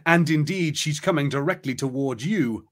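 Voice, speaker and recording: A man's voice: fairly high pitch, moderate pace. A man hosting a live play-along stream, chatty and rambling, reading an adventure book aloud. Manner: chatty, rambling, many fillers.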